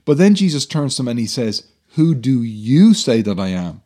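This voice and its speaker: A man's voice: medium pitch, sing-song, moderate pace, dark tone. A man co-hosting a Bible discussion, explaining passages in an earnest, teacherly way with frequent fillers.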